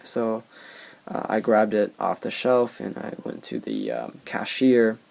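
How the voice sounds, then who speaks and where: A man's voice: lowish voice, sing-song, a little slow, gravelly, a little mellow. A young man hosting a casual podcast, telling rambling anecdotes with many fillers. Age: young adult. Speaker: podcast host.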